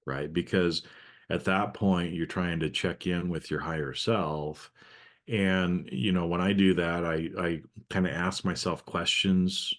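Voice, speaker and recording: A man's voice: sits low, fairly even intonation, measured pace, a bit bright. A man hosting a casual talk show, speaking loosely with many fillers and restarts. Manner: loose, meandering, frequent fillers. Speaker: podcast host. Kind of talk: casual conversation.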